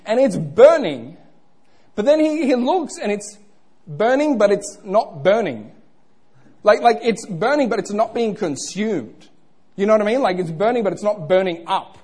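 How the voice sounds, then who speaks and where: A man's voice: very high-pitched, a little mellow, slightly rough. A young man preaching a sermon, playful and interactive, asking the congregation questions.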